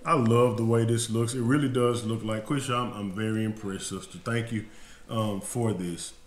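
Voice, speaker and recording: A man's voice: lowish voice, fairly even intonation, moderate pace. Folksy man vlogging in a roomy kitchen. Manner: folksy and emotional, addresses viewers as y'all. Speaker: fishing channel host. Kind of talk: casual food-tasting vlog. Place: home kitchen. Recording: roomy indoor sound with faint background noise.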